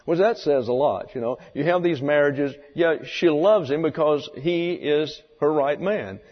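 Male Bible teacher, folksy lecture, husky voice, muffled hall recording. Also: fairly high pitch, measured pace. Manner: folksy, explanatory, rhetorical questions. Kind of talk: sermon lecture.

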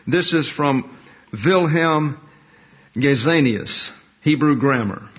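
A man with a somewhat high voice teaches scripture in a measured, methodical way, dwelling on each word and repeating phrases to drive them home. The recording is dull and lo-fi. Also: slightly rough. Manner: slow, deliberate, explanatory delivery, repeating key words for emphasis. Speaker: Bible teacher. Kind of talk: expository Bible teaching.

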